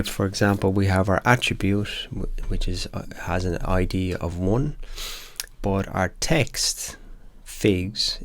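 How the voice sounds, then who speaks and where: A man's voice: lowish voice, vocal fry, no room sound. A man teaching web development, walking through code examples step by step in a lecture.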